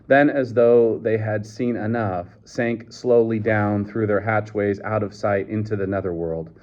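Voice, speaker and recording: A man with a low voice reads a novel aloud at a measured pace, now and then stumbling and restarting a phrase. The recording is dull and lo-fi. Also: steady tone, darkish tone. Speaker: reader.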